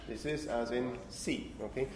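A man of medium pitch lectures unhurriedly on phonetics to university students. The hall is echoey with a faint room hum, and he frequently checks "okay?" while getting stern with those who chat.

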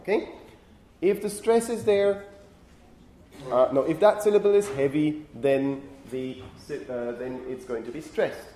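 A male lecturer giving a university lecture, talking in a lively way, often correcting himself and checking in with "okay?". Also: fairly high pitch, unhurried. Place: lecture hall. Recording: roomy lecture hall echo.

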